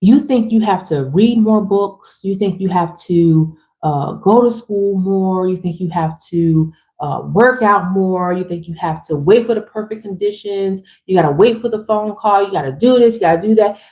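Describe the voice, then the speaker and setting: Woman motivational speaker, livestream pep talk, emphatic and slangy, medium pitch. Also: normal speed, hardly any pauses, mellow. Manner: fired-up, emphatic, swears casually; slangy, chatty, speaks straight to women viewers.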